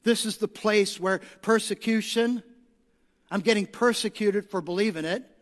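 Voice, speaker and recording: High-voiced preacher man in a reverberant hall. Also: moderate pace. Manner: emphatic, repetitive lists, rises to shouting. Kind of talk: sermon. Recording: long reverb of a large hall.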